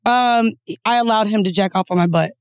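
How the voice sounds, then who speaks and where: A woman co-hosting a podcast, telling stories in a blunt, profane, animated way. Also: medium pitch, fairly quick, smooth, no room sound, clean studio sound. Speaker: podcast co-host. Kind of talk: candid casual chat.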